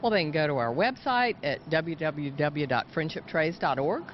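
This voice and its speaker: Older lady pitching a charity on live tv, relaxed, slightly muffled w faint noise. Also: normal speed. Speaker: charity representative. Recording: muffled outdoor-sounding audio.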